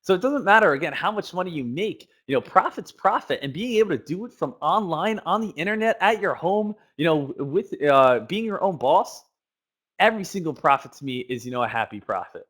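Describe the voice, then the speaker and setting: A man's voice: fairly high pitch, animated, a little fast, a bit bright. A young man giving a casual day-trading lesson, talking freely with lots of "you know" fillers.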